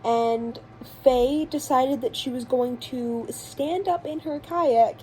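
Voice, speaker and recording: A woman's voice: high voice, takes it slowly, dark tone, slight background noise, poor audio. A teenage girl narrating her vacation vlog in a rambling, chatty way, full of fillers and restarts. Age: teens. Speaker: vlogger. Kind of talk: casual voice-over storytelling.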